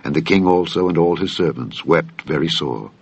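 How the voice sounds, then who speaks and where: A man reading scripture aloud in a solemn, measured way. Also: very deep voice, husky, no room sound. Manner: solemn, measured, archaic phrasing. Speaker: Bible reader. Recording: dull lo-fi dry recording.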